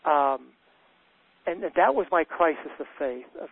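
A man's voice: a little high, expressive, measured pace, breathy edge. A man telling a candid personal story in conversation, earnest, often stammering and restarting. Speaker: men's retreat leader sharing a story. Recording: tinny phone-like dry sound.

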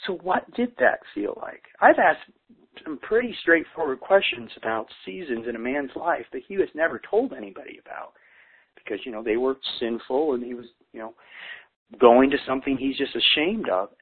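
An earnest man speaks unscripted over a tinny phone line, stammering and restarting as he searches for words. His voice is husky and rises and falls widely. He quotes people in lively voices. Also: mid-range voice, moderate pace. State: choked up. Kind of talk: heartfelt unscripted conversation.

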